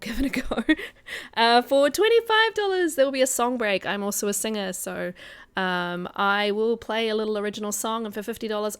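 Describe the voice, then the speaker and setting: A woman's voice: mid-range voice, creaky. Young NZ woman, casual streamer, chatty and upbeat. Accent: New Zealand. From New Zealand. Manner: chatty and upbeat, with frequent ums. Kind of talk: casual live-stream talk.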